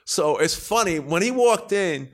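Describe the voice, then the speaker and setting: A man as an interview guest, telling an animated anecdote in casual, profane slang, with sharp pitch jumps whenever he acts out what someone said. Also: a little slow. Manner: animated, swings pitch sharply when acting out quotes. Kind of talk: storytelling anecdote.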